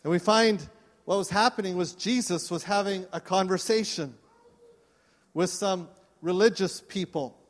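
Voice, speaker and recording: At a church service, a pastor preaches earnestly to his congregation and invites them to respond. His voice is high and his pace measured, and the recording carries the long reverb of a church hall.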